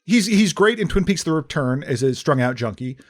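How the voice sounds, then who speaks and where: A man co-hosting a podcast, discussing a film in a measured, wry way with frequent fillers. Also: a little high, animated. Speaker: podcast co-host. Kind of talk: casual film review chat.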